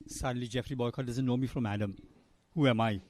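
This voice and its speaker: An older man calls a cricket match in a chatty, storytelling way. His voice is mid-pitched and he drifts between anecdotes and the action on the field. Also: steady tone, fast talker, darkish tone, dry recording. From Sri Lanka. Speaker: cricket commentator. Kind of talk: live cricket commentary with anecdotes.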